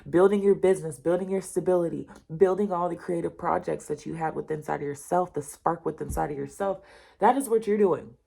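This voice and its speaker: Gravelly low-voiced woman reading tarot. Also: fast, warm tone. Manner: direct, repetitive, addresses the listener as you and y'all. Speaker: tarot reader. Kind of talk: casual spoken tarot reading to viewers.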